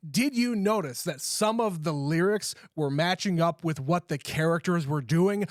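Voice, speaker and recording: A young man co-hosts a casual movie podcast, easygoing as he walks through scenes in detail. His voice sits fairly high for a man. The recording is dry and close. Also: no room sound. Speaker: podcast co-host. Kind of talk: casual movie review chat.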